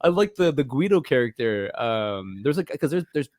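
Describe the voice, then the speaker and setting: A man from Mexico co-hosting a casual movie podcast, rambling and animated, often acting out quoted voices. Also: mid-range voice, moderate pace, no echo, clean studio sound. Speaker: podcast co-host.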